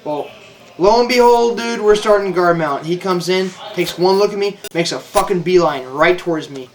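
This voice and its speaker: A man's voice: sits high, moderate pace, distant mic. A young man casually telling a story about his service, rambling and swearing, with lots of "like" and "dude". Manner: rambling, profane, full of "like" and "dude". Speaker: former Marine telling a story.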